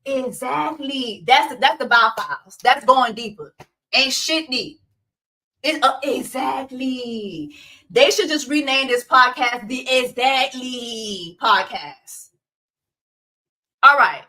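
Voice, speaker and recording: A woman hosting a casual livestream of reality-TV commentary, ranting in an animated, profane and incredulous way. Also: a little high, slow pace. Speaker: host.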